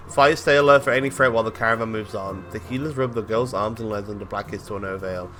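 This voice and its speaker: A male streamer reading a game's text aloud and reacting excitably, swearing when surprised. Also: on the low side, fast talker, few pauses, faint music behind.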